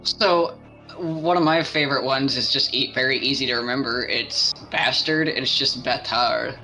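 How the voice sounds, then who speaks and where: A man's voice: medium pitch, normal speed, over music, low-quality recording. A man chatting casually on a call, rambling through his thoughts and laughing often. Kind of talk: casual chat.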